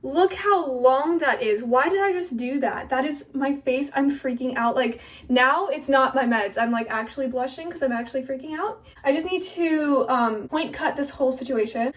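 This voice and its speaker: A teenage girl with a bright, high voice rambles nervously and jokes at her own expense while filming on a phone. She sits a little back from the mic, so the sound is slightly distant. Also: normal speed, hardly any pauses. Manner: chatty, flustered, self-mocking, lots of "like". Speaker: vlogger. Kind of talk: casual chat while cutting her own hair. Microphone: phone camera.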